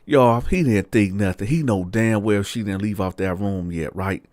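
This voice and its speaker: A man's voice: on the low side, normal speed, a little mellow, dry recording. A man telling a story casually, profane and talking straight to his listeners. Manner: profane, addresses listeners directly. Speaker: storyteller host.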